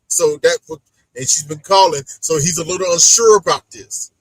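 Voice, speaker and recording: A man hosting a casual reality-show recap chat, animated and acting out the people he talks about. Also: fairly high pitch, moderate pace, breathy edge, no room sound, poor audio. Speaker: podcast host.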